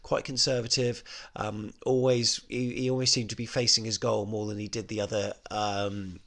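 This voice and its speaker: A man's voice: lowish voice, little pitch movement, normal speed, a bit bright. A man hosting a football fan channel, rating players in a casual, rambling way, full of ums and you-knows and small self-corrections.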